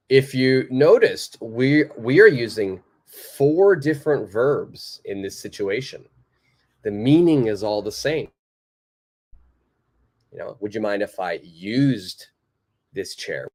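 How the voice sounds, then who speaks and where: A man teaching a live online English lesson, patiently repeating example sentences in a clear, careful way. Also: lowish voice.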